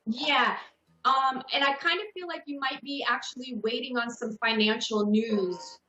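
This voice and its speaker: A woman hosting a call-in psychic radio show, giving slow, hesitant readings full of fillers and restarts. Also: high-pitched, pushed and bright, echoey room, muffled recording, slight background noise.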